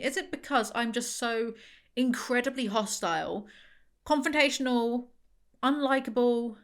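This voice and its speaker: A woman's voice: a little high, animated, fairly quick, a bit bright. A young woman with a London accent, reviewing a book with sarcastic, self-mocking, theatrical asides. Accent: London English.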